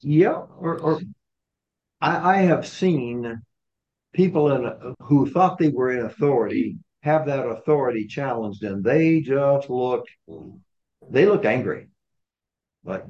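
A man's voice: mid-range voice, expressive, unhurried, a little mellow. A man leading a small group through scripture, teaching in a conversational way, posing questions and acting out the quoted lines. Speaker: Bible study leader. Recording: dull lo-fi recording.

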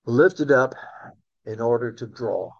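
A man's voice: medium pitch, expressive, slow pace, gravelly, dry recording, highs cut off. A man preaching a sermon in a conversational way, calling on listeners by name. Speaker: pastor.

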